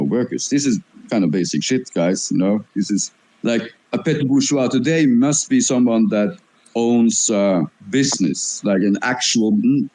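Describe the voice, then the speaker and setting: A man's voice: on the low side, warm tone, low-quality recording. A man from Norway debating in a casual call, hesitant and searching for words, speaking through his phone. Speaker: guest speaker.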